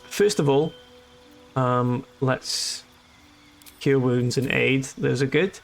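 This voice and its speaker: A man's voice: medium pitch, fairly even intonation, slow, vocal fry, soft background music. A man giving casual, joking let's-play commentary as a streamer, rambling and amused at his own jokes.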